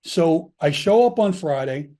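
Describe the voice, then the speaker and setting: A man's voice: fairly high pitch, lively intonation, measured pace, dark tone. Emotional New man telling his story. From Long Island, New York. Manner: emotional, profane, quotes people in dialogue. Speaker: podcast guest, former police officer. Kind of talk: storytelling interview.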